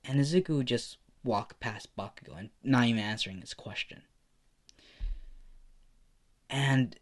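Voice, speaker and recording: Man, slight lisp, casual improvised storytelling, rambling, filler-heavy. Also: mid-range voice. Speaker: fan story narrator.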